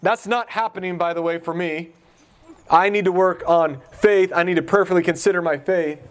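Guy with a pretty high voice doing a laid-back bible talk, chatty, keeps asking the listener stuff. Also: steady tone, moderate pace. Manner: conversational, asks the listener questions. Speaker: pastor.

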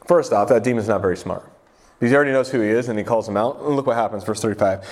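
This young pastor gives a casual, conversational sermon, joking and wandering around the text with lots of filler words. He speaks very fast, with a fairly low pitch and a darkish tone.

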